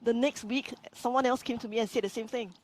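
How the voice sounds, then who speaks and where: A woman from Singapore, a business coach telling her story as a guest in a live-streamed interview, earnest and animated, often restarting her sentences. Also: fairly high pitch, fast, slight background noise.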